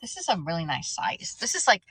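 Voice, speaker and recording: Middle-aged woman hosting a casual live stream, chatty and self-mocking, bright voice, close dry mic. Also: on the low side, wildly swooping pitch, fairly quick, breathy edge, no room sound, poor audio. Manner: chatty, laughs at herself, stumbles over words. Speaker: livestream host.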